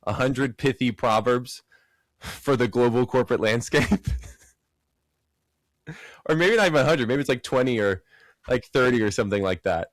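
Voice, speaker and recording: Male podcast co-host, mid-range voice, animated storyteller, dry studio sound. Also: mid-range voice, unhurried, long pauses, dry recording. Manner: animated storyteller, acts out quotes in raised voices. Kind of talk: casual podcast chat.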